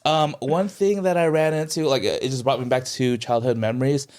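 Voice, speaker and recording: A man's voice: medium pitch, fairly even intonation, normal speed, a little mellow. A man co-hosting a casual podcast chat, rambling with many ums and restarts and jumping into a raised voice when he quotes people. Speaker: podcast co-host.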